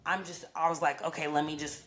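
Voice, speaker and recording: A young woman co-hosting a podcast, telling a personal story in casual, profane chat and getting animated as she re-enacts arguments. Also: low voice, quick pace. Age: young adult. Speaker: podcast co-host.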